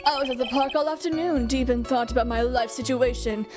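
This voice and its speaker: A woman's voice: high-pitched, a little fast, over music, natural voice. A woman voicing an arrogant, pompous young male witness in a courtroom game, talking down to everyone with haughty insults. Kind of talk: reading game dialogue aloud.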